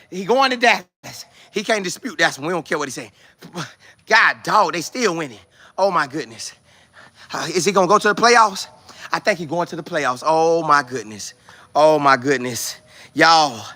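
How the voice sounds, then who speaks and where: A man vlogging outdoors with no studio, talking sports in an excitable, repetitive way full of preacher-like exclamations. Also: on the high side. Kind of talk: casual hyped-up monologue to camera.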